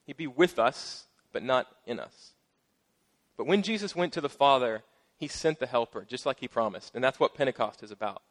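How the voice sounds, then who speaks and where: This middle-aged pastor delivers his sermon at a moderate pace in a mid-range voice. He's relaxed and playful, with jokey asides and spirited emphasis.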